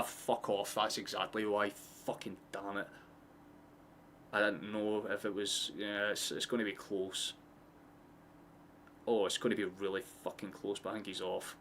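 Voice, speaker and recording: A man with a Scottish accent giving casual, excitable live football commentary, swearing freely and drifting into chatty asides. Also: lowish voice, unhurried, long pauses, a little hiss or hum. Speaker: streamer hosting a match watchalong.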